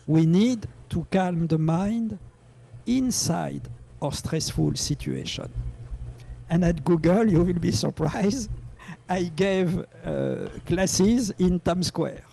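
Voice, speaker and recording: A French-accented man leads a meditation lesson over a video call, his high voice gravelly and mellow. He speaks slowly and earnestly, repeats his key phrases, and chuckles often. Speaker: meditation teacher. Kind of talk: live online class.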